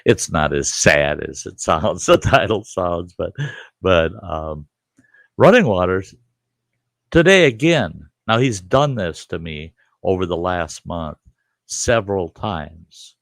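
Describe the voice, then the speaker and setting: A man's voice: deep voice, lively intonation, takes it slowly, vocal fry, a bit bright, no room sound. A man in his sixties hosting a live stream, talking in a rambling, emphatic, indignant way from his home studio. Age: 60s. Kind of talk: casual monologue.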